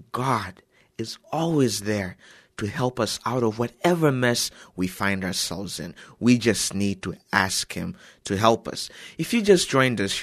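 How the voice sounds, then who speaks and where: A man's voice: fairly low pitch, a bit bright, dry recording, studio quality. A man hosting a Christian radio program and speaking directly to his listeners. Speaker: radio host.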